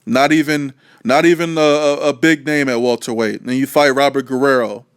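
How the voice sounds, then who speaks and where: A man's voice: mid-range voice, steady tone, moderate pace, clear, resonant tone, no room sound, studio quality. A man ranting heatedly and profanely about boxing, full of emphasis and swearing. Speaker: boxing commentator.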